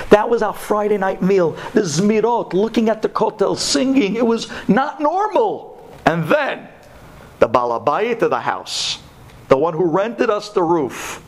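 A man from Brooklyn tells a religious story with plenty of feeling. His voice sits a little high for a man, and he moves between near-whispers and loud, half-sung lines. It has the sound of a radio talk show. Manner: dramatic, swings from hushed to loud and sung.

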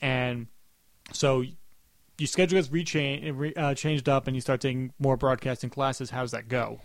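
A man in his twenties hosting a casual podcast, asking relaxed follow-up questions and laughing along. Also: medium pitch, moderate pace, dry recording. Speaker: podcast host.

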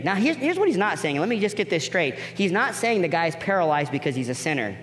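Male preacher, higher register, lively storytelling delivery that drops soft for emphasis, in a church hall with a long reverb. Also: a little hiss or hum. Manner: animated, acts out the people in the story with quick voice changes; drops to soft, quiet emphasis on key points. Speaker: pastor. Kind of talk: sermon.

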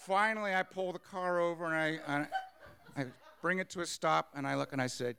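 A man telling a personal story on stage, animated, acting out what people said. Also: a little high, moderate pace, gravelly. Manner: animated, acts out quotes with laughs.

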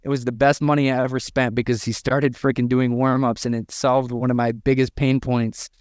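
Male podcast co-host, punchy, coaching tone, smooth voice on a dry mic. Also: mid-range voice, little pitch movement, fairly quick, a little mellow, no echo. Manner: emphatic, preachy, acts out quotes. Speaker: podcast co-host, gym owner. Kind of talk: energetic business podcast talk.

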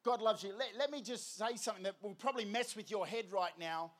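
A man preaching an energetic sermon, telling lively stories and prompting the crowd. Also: high voice, brisk. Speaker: youth preacher.

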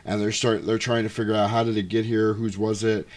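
A man casually retelling a movie's plot, jumping into quick acted-out quotes of the characters. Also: fairly low pitch, little pitch movement, darkish tone. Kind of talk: casual movie recap chat.

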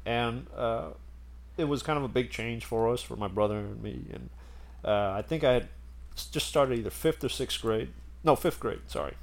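A man's voice: medium pitch, moderate pace, creaky. A man telling a story in casual chat, rambling and laughing as he goes.

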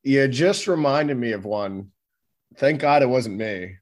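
A man with a mid-pitched voice swapping anecdotes on a podcast. He talks loosely and easily, with fillers sprinkled through his sentences. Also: animated, a little slow. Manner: easygoing, filler-heavy. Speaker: physical therapist, podcast co-host. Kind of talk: casual storytelling chat.

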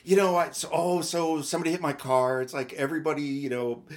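A man's voice: fairly high pitch, steady tone, quick pace. A man co-hosting a podcast, telling long rambling stories in casual chat, with self-mocking asides. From Midwest United States. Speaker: podcast co-host.

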